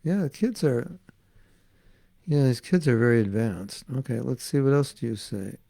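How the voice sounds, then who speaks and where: Gravelly man telling stories in class. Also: mid-range voice, lively intonation, normal speed, warm tone. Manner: chatty, laughing, acts out quoted voices. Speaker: spiritual teacher giving a class. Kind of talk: informal devotional class with storytelling.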